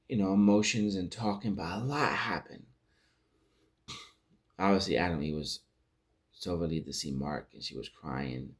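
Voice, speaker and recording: A man giving a casual, rambling spoken review of a TV episode, retelling scenes and acting out lines. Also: deep voice. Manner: rambling recap with restarts and acted-out quotes. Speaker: show reviewer. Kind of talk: casual commentary.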